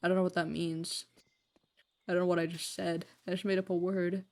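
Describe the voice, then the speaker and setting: A young woman plays a game on stream, talking fairly quickly in a low, flat, darkish voice. Her casual chat wanders, full of fillers, free swearing, and self-mockery.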